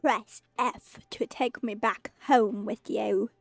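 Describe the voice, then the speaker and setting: Woman streamer, playful and teasing, unhurried delivery, dry sound, faint music behind. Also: medium pitch, steady tone, gravelly, no room sound. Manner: playful, flirty, talks to chat. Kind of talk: casual game streaming.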